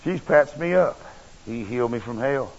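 A man's voice: mid-range voice, lively intonation, normal speed. A man preaching a sermon, telling a personal story in a folksy, blunt and emphatic way. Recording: dull lo-fi recording.

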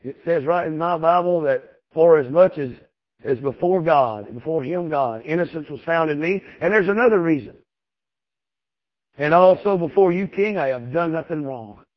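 Preacher, folksy and emphatic, pretty high voice, dry dull-sounding audio. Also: male voice, dry recording. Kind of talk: sermon.

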